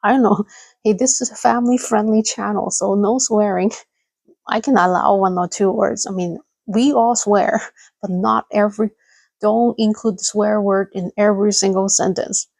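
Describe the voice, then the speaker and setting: A woman's voice: mid-range voice, steady tone, moderate pace, gravelly, darkish tone, no echo, rough recording. A woman hosting a casual livestream chat, rambling and laughing often as she reads out viewers' messages. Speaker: livestream host.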